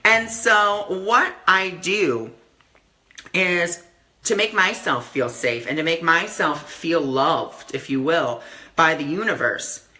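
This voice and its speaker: Guy doing a live video talk on spirituality, super earnest, bright forceful voice, lots of you knows. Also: on the high side, expressive, takes it slowly. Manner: earnest, repeats affirmations, many "you know" fillers. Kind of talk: casual live-stream talk.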